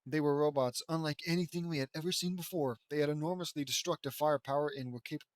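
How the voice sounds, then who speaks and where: A man on the high side reads fan fiction quickly, keeping his intonation fairly even. He stumbles over the words and keeps pausing to make fun of the writing with sarcastic jokes and laughter.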